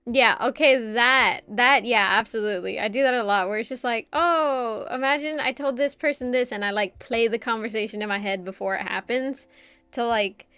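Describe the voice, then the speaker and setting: A woman's voice: medium pitch, fairly even intonation, brisk, bright, forceful tone, smooth, no room sound. A woman streamer chatting casually with her viewers, rambling and stumbling over repeated words, often laughing. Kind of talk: casual chat reading viewer comments.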